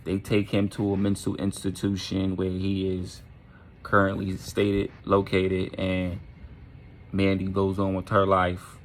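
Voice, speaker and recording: A man telling a dark story in a casual, animated storytime manner, profane and often asking "right?". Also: low-pitched, a little slow, a little hiss or hum.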